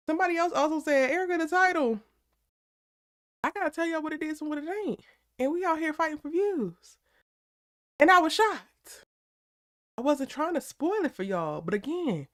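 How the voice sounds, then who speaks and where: A woman hosting a casual live aftershow, animated and slangy, talking straight to her chat. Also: high voice, no room sound, clean studio sound. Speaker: YouTube live aftershow host.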